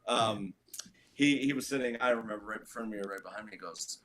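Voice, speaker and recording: Brief: man with a lowish voice, guest musician, chatty rambling storyteller in a relaxed interview. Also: fast talker, slight background noise. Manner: rambling, full of "like" and restarts.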